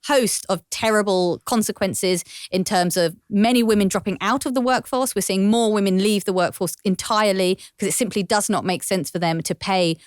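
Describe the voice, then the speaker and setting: A British woman chatting as a podcast guest, lively and quick to laugh, wandering off on small digressions. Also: medium pitch, smooth, dry recording, clean studio sound. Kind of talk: casual chat.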